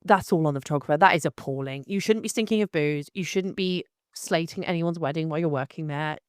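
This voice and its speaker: A woman's voice: low-pitched, fast, smooth, no room sound, clean studio sound. A woman, a photographer, telling a story about a client in a rambling, exasperated monologue full of restarts. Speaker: photographer and host.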